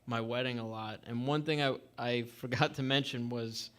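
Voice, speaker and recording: A man in his thirties from Staten Island spins a loose, rambling story on a casual podcast. His voice sits at a middling pitch, and he chuckles here and there as the anecdote wanders along. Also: steady tone, moderate pace, clean tone. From Staten Island, New York. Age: 30s. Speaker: podcast co-host. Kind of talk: casual chat.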